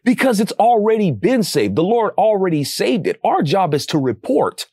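Male guest, animated preacher-style talker, upbeat pitch swings, dry close sound. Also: moderate pace, dry recording. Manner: animated preacher-like delivery with slang. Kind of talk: casual faith talk.

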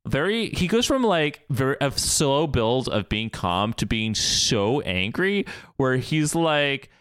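Lively podcast co-host recapping a movie. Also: mid-range voice, takes it slowly, clean tone, no room sound, studio quality. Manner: animated retelling with acted-out quotes. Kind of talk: casual movie recap chat.

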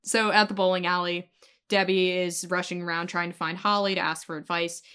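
Bright-voiced woman recapping casually. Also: fairly low pitch, brisk, clean tone. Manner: animated recapping with acted-out quotes. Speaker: podcast co-host. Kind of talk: casual chat recapping a TV episode.

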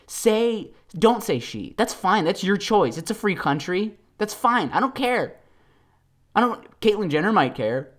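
Taking an unhurried pace, this podcast host rants on his own. His rambling is full of fillers and laughter, and his voice shifts from low mumbling to loud, animated outbursts.

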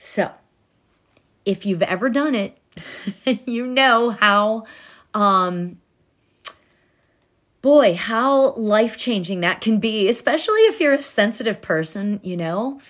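A woman giving an earnest motivational talk, speaking directly to the listener and dropping to soft, near-whispered tones for affirmations. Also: mid-range voice, animated, slow pace, pauses often. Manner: talks directly to the listener with many "right?" tags. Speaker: self-help speaker.

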